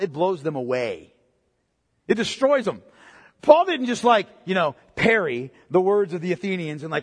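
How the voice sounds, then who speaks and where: A man preaching a sermon in a high voice, his words ringing out in a hall with a long echo. He is impassioned, pushing up loud in places and dropping low and quiet to stress a point. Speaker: pastor.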